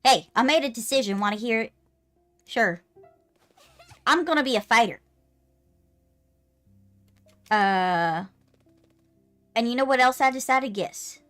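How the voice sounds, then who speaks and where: A woman voicing an eager, hotheaded child who pleads excitedly to learn to fight. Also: on the high side, normal speed, long pauses, soft background music, close to an everyday voice.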